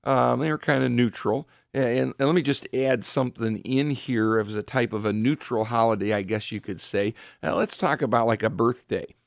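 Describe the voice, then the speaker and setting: A man giving an informal Bible teaching talk, halting often with filler words and restarts. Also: mid-range voice, gravelly, dry recording, studio quality.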